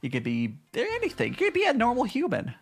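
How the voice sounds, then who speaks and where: Lively, chatty male streamer. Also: very high voice, a little fast, slightly rough. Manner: chatty, reads and answers chat, many restarts. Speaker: VTuber streamer. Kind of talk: casual live-stream chat. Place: home stream in Japan.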